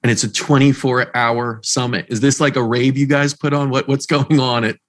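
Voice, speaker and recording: A man's voice: mid-range voice, fairly even intonation, normal speed. A male podcast host with a mid-range voice. He asks long, rambling questions full of restarts. He speaks with eager enthusiasm. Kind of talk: casual interview talk.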